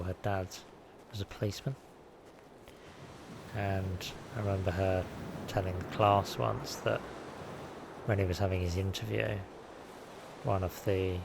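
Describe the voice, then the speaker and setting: A man's voice: low-pitched, gravelly, noisy background. A man live-streaming a video game, chatting and rambling casually with self-deprecating asides.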